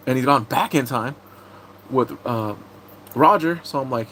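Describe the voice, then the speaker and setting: A man casually recapping TV episodes, excitable and rambling, breaking into sudden high squeals. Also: unhurried, slight background noise, rough recording. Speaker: TV recap host.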